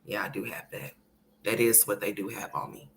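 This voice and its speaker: A woman hosting a casual livestream, talking to her chat and calling viewers honey and sweetheart, by turns loud and animated, then soft. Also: rumbling low, moderate pace, creaky, a little hiss or hum. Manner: chatty and emphatic, calls viewers honey and sweetheart; swings between loud animated bursts and soft murmurs. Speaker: livestream commentary host.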